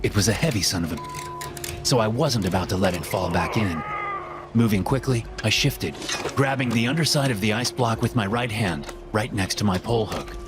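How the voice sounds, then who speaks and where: A man with a low voice tells a first-person horror story in a steady, measured way. His scripted narration sits over loud background music.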